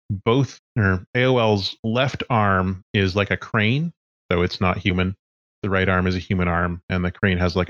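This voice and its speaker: Deep-voiced casual male game master. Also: a bit bright, dry recording, muffled recording. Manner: casual, hesitant, with fillers. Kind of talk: narrating a tabletop game.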